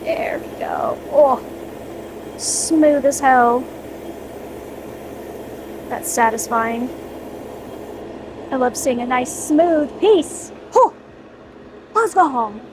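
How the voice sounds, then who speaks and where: A high-pitched young woman chatting on a livestream from her hobby room, unhurried and relaxed as she works, full of upbeat little cheers. A steady hum of air conditioning and an airbrush runs under her voice. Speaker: streamer. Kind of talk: casual livestream chat while airbrushing miniatures.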